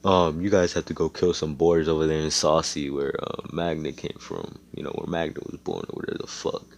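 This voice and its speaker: A lazy, gruff captain, as a man puts him on, with a low voice that mumbles quietly and offhand. He sounds like he can barely be bothered. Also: level tone, fairly quick.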